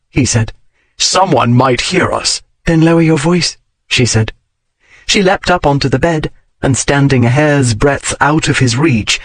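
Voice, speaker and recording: A man narrating an audiobook with an even, measured reading. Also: mid-range voice, no room sound. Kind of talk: scripted narration.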